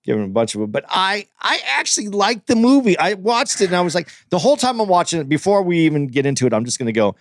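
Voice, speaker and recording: A man's voice: high voice, sing-song, quick pace, few pauses. A man co-hosting a podcast in casual chat, retelling eagerly with many restarts. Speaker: podcast co-host.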